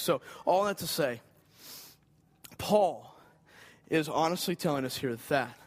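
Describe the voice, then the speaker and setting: A man's voice: a little high, normal speed. A man preaching a sermon in an earnest, conversational way, rising for emphasis. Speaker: pastor.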